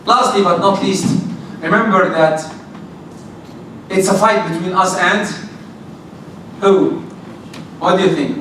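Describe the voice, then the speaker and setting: A man preaches with real force, firing questions at his listeners and at times almost shouting. His voice sits very high and reaches the mic from across the room. Heavy reverb from a large hall surrounds every word, with faint noise underneath. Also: slow pace, long pauses. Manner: emphatic, asks the audience questions, sometimes raises his voice. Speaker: Islamic lecturer. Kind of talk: sermon-style talk to an audience. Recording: echoey hall recorded from far off.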